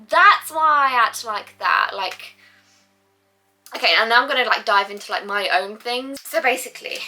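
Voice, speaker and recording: A young woman chatting to camera in a bright, forceful voice, peppering her talk with "like" and acting out her reactions. Faint music plays behind her. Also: mid-range voice. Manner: chatty, lots of "like", acts out her own reactions. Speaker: vlogger. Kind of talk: casual personal talk to camera.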